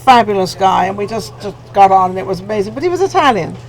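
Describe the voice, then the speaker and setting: Middle-aged english lady hosting a talk show, rapid chatty gushing delivery. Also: mid-range voice, animated, low-quality recording. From England. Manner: chatty, effusive, jokey. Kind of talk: casual interview chat.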